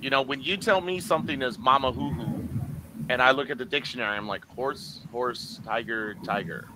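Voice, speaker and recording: A man's voice: mid-range voice, fast, background noise. A man teaching an online English exam class, joking and acting out confused listeners with playful quoted reactions. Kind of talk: live online lecture.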